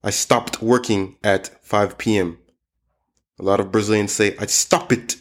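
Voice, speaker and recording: A man teaching English in a loose, chatty way, slowing down to model how word endings sound. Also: lowish voice, flat delivery. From United States. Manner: loose and chatty, lots of "you know" and "like". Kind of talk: casual spoken lesson.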